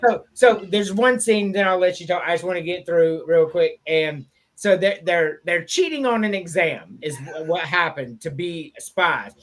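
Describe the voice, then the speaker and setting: A man's voice: high voice, moderate pace, few pauses. A man co-hosting a casual sports podcast, retelling comedy scenes with lots of swearing and acted-out quotes. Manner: animated storyteller, acts out movie quotes, swears freely. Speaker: podcast co-host. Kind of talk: casual chat.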